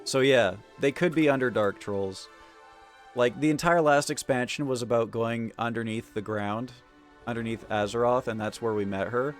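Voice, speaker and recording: A man streaming a game, chatting casually in an excitable, profane, rambling way. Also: mid-range voice, normal speed, soft background music. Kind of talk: casual gaming commentary.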